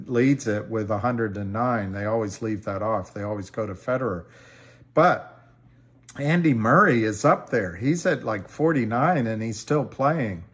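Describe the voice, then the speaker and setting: A man hosting a casual livestream, answering viewer comments in a slow, halting way with many ums and restarts. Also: fairly low pitch, a bit bright. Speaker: livestream host.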